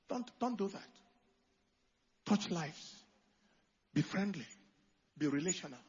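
A man preaching a sermon as pastor, swinging from quiet talk to loud calls for the congregation to answer. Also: sits high, expressive, slow, pauses often, slightly rough, dull audio.

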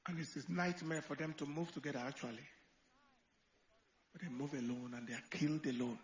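A man preaching a sermon as pastor, swinging from quiet talk to loud calls for the congregation to answer. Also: a little high, steady tone, fairly quick, slightly rough, muffled recording.

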